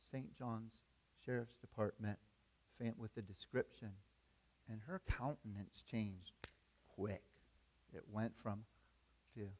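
A man's voice: mid-range voice, vocal fry, darkish tone. Conversational male pastor preaching a sermon. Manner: conversational storytelling, building to emphatic preaching.

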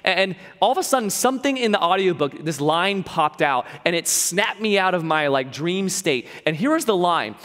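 Young guy pastor preaching, kinda high voice, chatty storytelling, big echoey church hall. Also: animated, normal speed, hardly any pauses, a bit bright. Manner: conversational storytelling, lots of repeats and filler. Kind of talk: sermon.

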